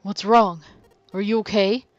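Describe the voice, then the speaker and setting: A woman's voice: on the low side, a little slow, a bit bright, dry recording. A woman voicing an earnest young man who speaks with urgent concern, on a dull, dry recording. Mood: worried.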